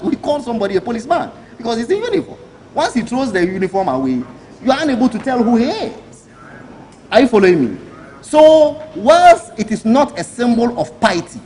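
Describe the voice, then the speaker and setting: A man's voice: sits high, darkish tone, slight background noise, rough recording. A man with a Ghanaian accent, a government minister giving an emphatic press briefing speech full of rhetorical questions. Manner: emphatic, rhetorical questions, chuckles while telling anecdotes.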